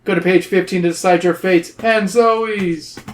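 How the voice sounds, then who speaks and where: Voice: medium pitch, fairly even intonation, normal speed, slight background noise. A podcast host casually reading a gamebook aloud, cracking jokes and swearing freely. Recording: roomy echo.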